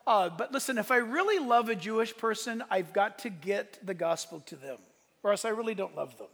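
A pastor preaching a sermon in a church, swinging between quiet asides and loud emphatic lines, with a congregation listening. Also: male voice, sits high, expressive, fairly quick, creaky. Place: church sanctuary. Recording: echoey church hall with congregation.

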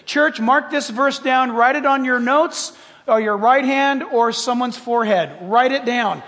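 Animated high-voiced preacher in an echoing hall. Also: male voice, measured pace. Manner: animated and playful, swings from hushed to shouting. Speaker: pastor. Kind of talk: sermon. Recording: long hall reverb.

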